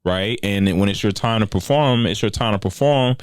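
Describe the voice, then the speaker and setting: A man's voice: on the low side, normal speed, clean tone, no room sound, clean studio sound. A man hosting a podcast, talking in a loose, rambling way full of "you know" and "right?". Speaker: podcast host. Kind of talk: casual podcast interview.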